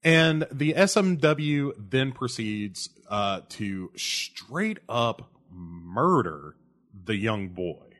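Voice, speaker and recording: A man's voice: medium pitch, sing-song, drawn-out words, a bit bright. A man hosting a podcast, recapping a movie plot in a casual, rambling way, full of fillers and awkward laughs at grim moments. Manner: rambling, heavy on fillers like uh and you know. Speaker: podcast host.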